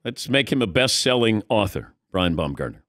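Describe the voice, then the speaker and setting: A man's voice: on the low side, very animated, normal speed, fairly bright tone, no room sound. A man hosting a talk show, teasing his guest in a dry way and wrapping up the interview. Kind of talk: casual interview chat.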